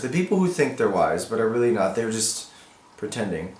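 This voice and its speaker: A man's voice: fairly low pitch, expressive, normal speed, roomy sound. A male teacher annotating a text for his students, thinking aloud in a casual, explanatory way.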